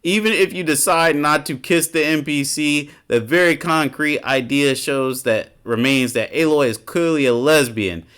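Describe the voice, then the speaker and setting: A man's voice: on the high side, normal speed, few pauses, fairly bright tone, smooth. Profane ranting gaming YouTuber man. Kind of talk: casual reaction commentary.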